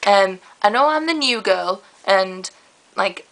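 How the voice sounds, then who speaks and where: Teen girl vlogging, bright forceful voice, rambly and chatty. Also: mid-range voice, slow pace, poor audio. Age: teens. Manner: chatty, rambling, lively storytelling. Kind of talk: casual chat to camera.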